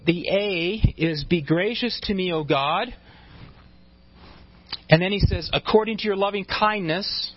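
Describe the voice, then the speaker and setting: On a muffled recording, a male pastor with a high-sitting voice delivers a sermon conversationally. He often restarts phrases and goes off on asides, joking with the congregation.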